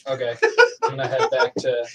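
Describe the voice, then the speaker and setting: A young man hosting a podcast, excitable and laughing through crude casual talk. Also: mid-range voice, fairly quick, rough recording. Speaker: podcast host.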